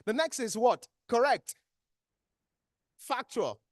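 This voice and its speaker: Slow-paced and medium-pitched, a trainer using Nigerian English quizzes the room in an interactive workshop held in a training hall with an audience. The manner is animated, asking questions and answering them. The audio is studio quality, with no echo.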